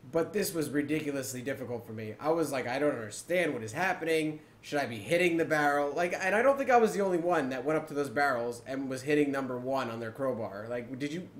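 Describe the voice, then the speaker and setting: A man hosting a casual gaming podcast, telling stories with animated, acted-out reactions. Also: mid-range voice, roomy sound. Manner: animated storytelling, acts out his own reactions. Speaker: podcast host.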